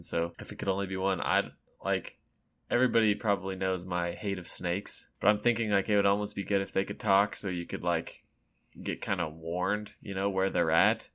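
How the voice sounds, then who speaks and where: Brief: lower-pitched male host, relaxed, laughs easily, reads listener questions. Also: a little fast. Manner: easygoing, laughs often. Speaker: podcast co-host. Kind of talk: casual chat.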